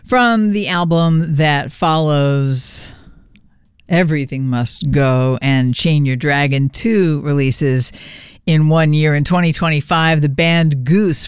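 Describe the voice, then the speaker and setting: A woman radio DJ announcing songs and station news in a relaxed, chatty way, fighting a cough and stumbling a little. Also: sits low, clear, resonant tone, no echo, studio quality. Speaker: radio DJ and host. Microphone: studio microphone.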